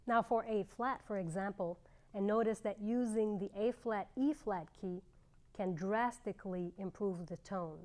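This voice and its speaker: A middle-aged woman teaching clarinet, explaining fingerings in a clear, measured way with pauses. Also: medium pitch, a little mellow, slight background noise. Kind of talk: instructional demonstration.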